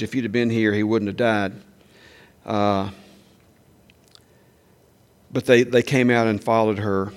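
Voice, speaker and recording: Preacher guy, chatty sermon, asks the crowd stuff, gets louder acting out quotes. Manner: conversational preaching with rhetorical questions to the congregation; acts out quoted speech with raised pitch and volume. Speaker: pastor.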